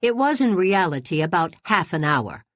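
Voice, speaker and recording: A woman's fairly low voice narrates a novel with drama and expression. The recording is close and dry, with no room sound. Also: big pitch swings, normal speed, no echo. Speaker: audiobook narrator. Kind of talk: scripted narration.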